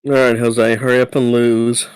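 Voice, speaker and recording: A young man acting as game master, briskly reading out moves and rules and recapping the story in a casual tone. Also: mid-range voice, level tone, smooth, no echo, rough recording. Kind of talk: running a tabletop game over voice chat.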